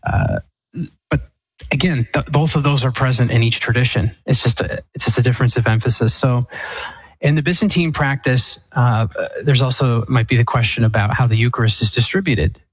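A man's voice: medium pitch, normal speed, husky, dry recording, rough recording. A man who is an Eastern Catholic priest, explaining church teaching on a call-in show with many restarts and fillers. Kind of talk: answering a caller's question.

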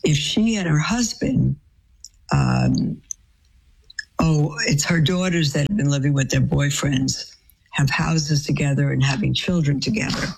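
A woman, a nun, reads listener letters aloud and answers them with gentle advice. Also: sits low, measured pace, gravelly, breathy edge, low-quality recording. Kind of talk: advice show reading letters.

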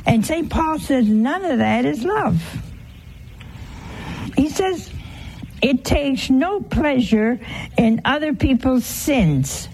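A woman's voice: sits high, expressive, slow, long pauses, a little mellow, a little hiss or hum, rough recording. A woman giving a homely, conversational sermon, teasing her listeners with rhetorical questions. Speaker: religious teacher.

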